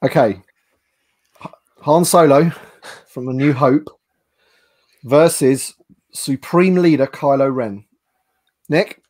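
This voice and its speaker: A man's voice: medium pitch, slow, pauses often, a little mellow. A man hosting a casual livestream panel, talking with lots of ums and restarts over a video call. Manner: hesitant, many ums and restarts. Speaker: livestream host.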